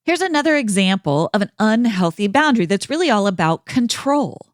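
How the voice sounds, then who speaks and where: Woman, middle-aged, podcast host, earnest, measured, very expressive pitch, close mic, dry room. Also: dry recording. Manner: earnest, measured, acts out example phrases. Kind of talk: calm teaching monologue with read sponsor ads.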